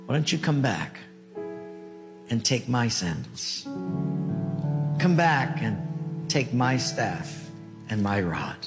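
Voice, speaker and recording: A preacher voicing God, calm and firm. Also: male voice, on the high side, normal speed, loud music behind the voice. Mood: tender. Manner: calm, repeating firm commands. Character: God, a patient, fatherly and gently insistent voice.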